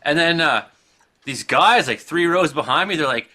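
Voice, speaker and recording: A man from Canada, hosting a casual talk show, telling a rambling, profane story with frequent laughs and acted-out shouted quotes. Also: a little high, expressive, normal speed, long pauses. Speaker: podcast host.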